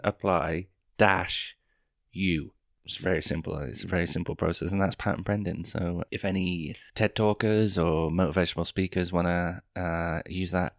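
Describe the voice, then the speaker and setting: Low-voiced, profane rambling man. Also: gravelly, dry recording, clean studio sound. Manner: profane, self-mocking, rambling with tangents. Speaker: podcast host. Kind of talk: rambling comic monologue. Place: London.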